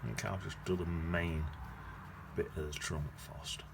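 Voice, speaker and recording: Deep guy talking thru a watercolour demo, muttering and fixing his words as he goes, bit of noise behind. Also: a little slow, vocal fry. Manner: chatty, thinking aloud while painting, self-correcting. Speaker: watercolour painting teacher. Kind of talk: casual painting demonstration. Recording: noticeable background noise.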